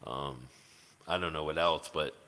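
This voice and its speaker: A man's voice: a bass voice, steady tone, measured pace, bright, forceful tone, long reverb tail. A man chatting casually on a livestream, rambling and swearing, with many fillers. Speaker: livestreaming guitarist.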